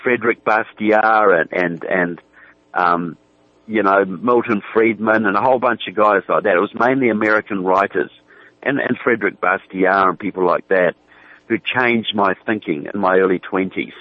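Emphatic New Zealand-accented guest, lowish voice, heard over a tinny phone. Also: male voice, normal speed, no echo. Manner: emphatic, repeats words when starting a point. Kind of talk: political talk radio. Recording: tinny dry phone line.

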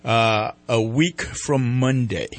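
A man's voice: mid-range voice, slow, dry recording. A man hosting a casual morning radio show, rambling and poking fun at himself. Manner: rambling, self-mocking, lots of fillers. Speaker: radio host.

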